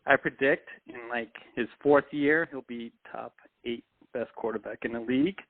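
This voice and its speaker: A soft-spoken man calling in to a sports talk show, talking a bit hesitantly. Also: mid-range voice, normal speed, no room sound. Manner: soft-spoken, hesitant, calls himself not loud. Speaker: caller. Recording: tinny phone line, dry.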